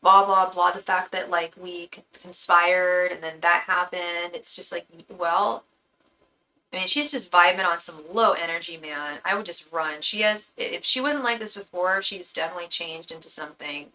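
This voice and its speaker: Bright-voiced chatty woman tarot reader. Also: on the low side, poor audio. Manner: chatty, slangy, repeats fast invocations to spirit guides. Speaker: tarot reader and psychic medium. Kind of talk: casual live-stream chat and tarot reading.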